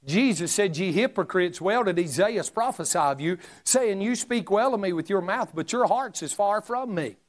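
High-voiced fervent preacher man. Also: expressive, normal speed, hardly any pauses. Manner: fervent preaching with call-and-response asides. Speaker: pastor. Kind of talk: sermon.

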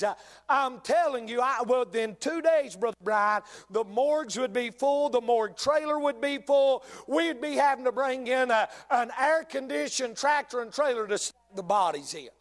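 Southern preacher guy from north carolina, real high voice, repeats stuff for emphasis. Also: fairly bright tone. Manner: preacherly, repeats lines for emphasis, addresses congregation directly. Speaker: pastor. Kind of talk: sermon.

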